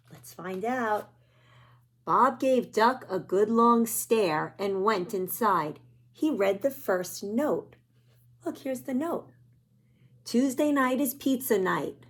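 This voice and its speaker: A woman reads a picture book aloud to young children at a slow, gentle pace. Her voice sits at a middle pitch, and she stops to point out the pictures. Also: husky. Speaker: children's storyteller.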